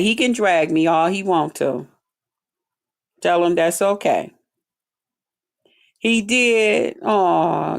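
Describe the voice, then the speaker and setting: Gravelly-voiced woman ranting with profanity. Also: mid-range voice. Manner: blunt, heavily profane, drawls mocking quotes. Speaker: livestream host. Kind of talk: profane commentary rant to chat.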